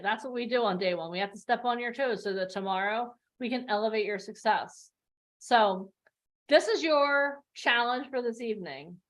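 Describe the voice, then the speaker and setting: A woman's voice: fairly high pitch, fairly bright tone. A woman hosting an online bootcamp for actors and models, coaching over a video call in a passionate, emphatic way. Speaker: acting and modeling bootcamp host. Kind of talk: live online motivational coaching.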